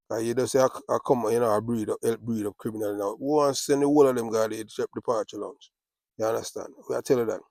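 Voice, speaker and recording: A man's voice: on the low side, creaky, darkish tone, no echo. Man, Jamaican accent, casual monologue, patois-laced boasting, dry sound. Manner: patois-laced, repetitive, boastful street talk.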